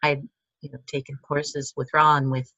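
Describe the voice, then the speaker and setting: Musing woman with halting phrasing. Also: sits low, level tone, pushed and bright, husky, dry recording, lo-fi sound. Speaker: guest, teacher. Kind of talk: casual conversational interview.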